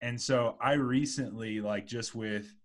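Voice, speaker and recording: A man's voice: mid-range voice, steady tone, unhurried. Rambling man in his twenties. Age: 20s. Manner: rambling, heavy use of "like" and "you know". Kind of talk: casual podcast conversation.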